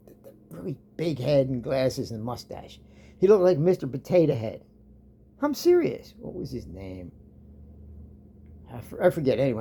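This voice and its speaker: A man's voice: on the high side, dark tone. A man vlogging a rambling, sarcastic rant about an old job, often trailing off.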